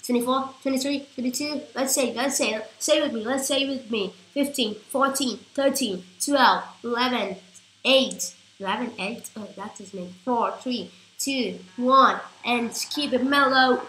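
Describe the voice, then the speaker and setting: Bright-voiced woman, chatty gameplay commentary. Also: fairly high pitch, unhurried, reverberant, soft background music, low-quality recording. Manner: chatty, rambling, gets excitable and shouty. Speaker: gaming YouTuber.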